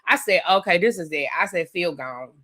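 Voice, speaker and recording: A woman hosting a live TV review stream, recapping an episode in a chatty, animated way with lots of fillers and asides. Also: mid-range voice, fast talker. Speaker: TV review channel host.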